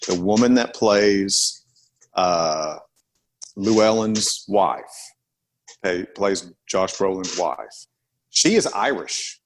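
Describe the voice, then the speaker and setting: Low-voiced man chatting casually. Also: takes it slowly, long pauses. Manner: animated, mimics voices when retelling. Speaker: podcast co-host. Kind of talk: casual chat.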